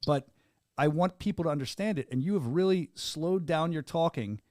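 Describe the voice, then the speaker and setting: A man hosting a podcast interview, talking fast and excitably in a casual chat from a studio booth. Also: fairly high pitch, dry recording. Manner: fast, excitable and upbeat, with frequent restarts. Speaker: podcast host interviewing a fighter.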